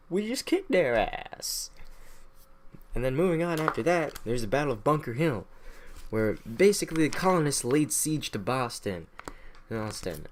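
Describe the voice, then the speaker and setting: A man recaps history in a loose, joking way, swearing freely. His voice has a middle pitch, and he talks offhand, like he is chatting with friends. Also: slight background noise. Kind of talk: casual profane history summary.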